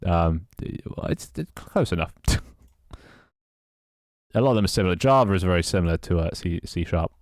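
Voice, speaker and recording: A man's voice: sits low, lively intonation, moderate pace, pauses often, darkish tone, dry recording, studio quality. An English man streaming live, chatting casually with his viewers, laughing often, swearing and fumbling through playful mock French. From England. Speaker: live streamer reading chat.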